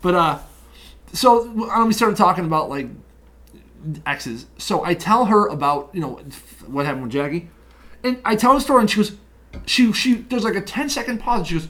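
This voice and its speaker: Fast-ranting New York man, high voice. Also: lively intonation, fairly bright tone. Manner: fast-talking, heavy swearing, ranting storyteller. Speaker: podcast co-host. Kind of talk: casual profane chat.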